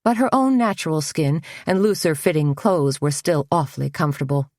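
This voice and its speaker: A woman with a deep voice narrates an audiobook, telling the scripted story in a measured, even manner. The recording is dry and of studio quality.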